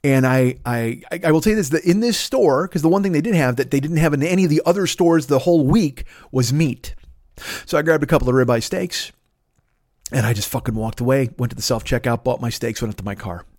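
A man's voice: mid-range voice, a little fast, dry recording, clean studio sound. A man hosting a podcast, telling a story as a profane rant and swearing constantly. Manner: animated, swears constantly, builds to shouting. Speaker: podcast host.

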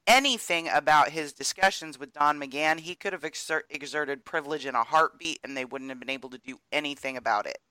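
A man's voice: fairly high pitch, a little fast, few pauses, bright, forceful tone, smooth, no echo, rough recording. A man co-hosting a podcast, giving emphatic, opinionated political commentary. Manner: opinionated, emphatic, builds arguments. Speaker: podcast co-host.

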